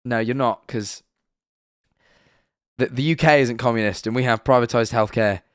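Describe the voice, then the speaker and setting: A man's voice: mid-range voice, moderate pace, smooth, dry recording, studio quality. Rambling British guy on a stream. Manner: rambling, swearing, emphatic, lots of "right?". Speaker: streamer reacting to videos and chat. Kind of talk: casual live-stream chat.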